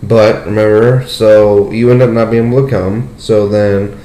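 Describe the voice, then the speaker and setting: A young man hosting a casual podcast chat, telling a story with lots of "like" and "dude" and jumping up in pitch when he gets excited. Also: a little slow. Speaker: podcast host. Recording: roomy echo.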